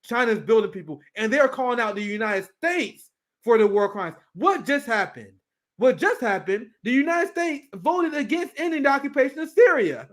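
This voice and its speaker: High-pitched male commentary host, animated and profane, reading and reacting. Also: fairly quick. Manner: profane, animated, laughs often; reads clips aloud while reacting. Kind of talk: casual political commentary.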